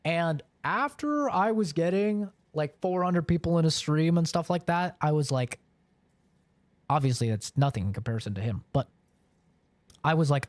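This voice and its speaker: A man's voice: a little high, expressive, normal speed, no room sound. A man live-streaming and chatting casually with viewers, rambling along with lots of filler words.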